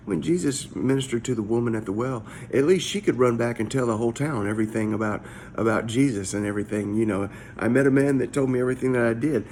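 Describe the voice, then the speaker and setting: A pastor with a lowish, creaky, somewhat mellow voice talks through a short, casual morning devotional. He sounds conversational and searching and often repeats himself, over a little hiss or hum.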